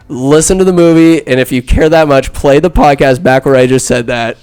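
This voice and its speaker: Smooth-voiced man ranting through a movie recap. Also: medium pitch, fairly quick, few pauses, darkish tone, soft background music. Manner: irreverent, profane, rambling, acts out voices. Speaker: podcast host. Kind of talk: rambling comic movie recap.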